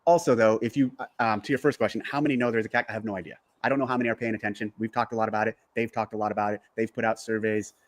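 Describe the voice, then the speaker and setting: A man calmly explaining in a measured, reassuring way in a played clip. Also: on the low side. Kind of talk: casual explaining.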